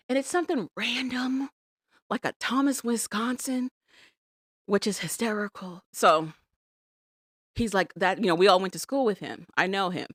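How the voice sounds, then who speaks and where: Podcast co-host, woman, lowish voice, lively recap storyteller, dry studio mic. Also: no room sound. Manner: animated storytelling, acts out quotes. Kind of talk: casual recap chat.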